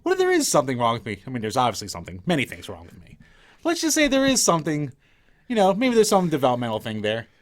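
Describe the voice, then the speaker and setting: A man in his mid-thirties co-hosting a podcast, joking at his own expense in casual chat. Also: medium pitch. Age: 30s. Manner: self-mocking, fast, lively. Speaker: podcast co-host.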